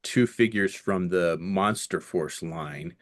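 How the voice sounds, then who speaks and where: A man's voice: low-pitched, slow pace. Middle-aged male co-host, loose rambling chat, casual swearing. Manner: rambling, swears casually, jokes with put-on voices. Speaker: podcast co-host.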